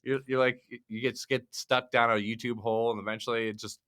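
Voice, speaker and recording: A laid-back man chatting on a casual podcast, often stopping and restarting his sentences. His voice is bright and sits at an everyday middle pitch. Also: flat delivery, fast. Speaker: podcast co-host. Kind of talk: casual chat.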